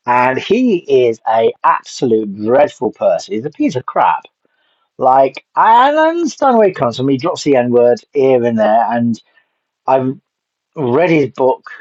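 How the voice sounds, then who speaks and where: A man's voice: mid-range voice, darkish tone, dry recording. A man reviewing a film in a casual, rambling way, blunt and swearing offhandedly. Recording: dull lo-fi dry sound.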